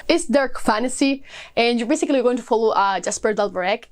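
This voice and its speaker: A woman's voice: a little high, darkish tone. A woman giving a casual book review vlog, gushing with enthusiasm and filling her talk with "like" and "uh". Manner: gushing, enthusiastic, many fillers like "like".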